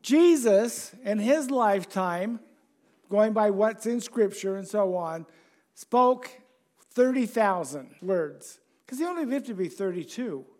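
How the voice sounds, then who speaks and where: High-voiced man preaching a sermon. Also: animated, takes it slowly, a little mellow. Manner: conversational, chuckling, asks the congregation questions.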